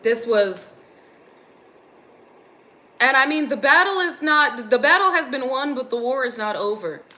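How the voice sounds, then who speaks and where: A woman's voice: sits high, lively intonation, measured pace, pauses often, bright, forceful tone. A young woman giving an earnest, intense channeled spiritual reading to her viewers. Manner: earnest, intense, gets emotional. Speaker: spiritual reader.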